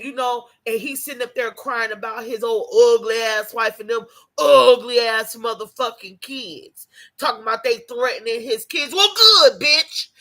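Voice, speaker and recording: A woman with a high, bright, sharp voice rants to her camera as a vlogger. She talks off the cuff, swearing freely and running heated, with many restarts and repeated words. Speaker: YouTube vlogger.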